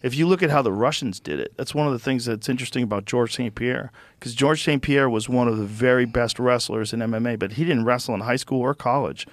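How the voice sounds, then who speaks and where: Pria pembawa podcast yang bersemangat dan suka mengumpat. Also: male voice, medium pitch, fast talker, few pauses, no echo. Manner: animated, swears freely, explains with enthusiasm. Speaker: podcast host. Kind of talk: casual studio chat. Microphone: studio microphone.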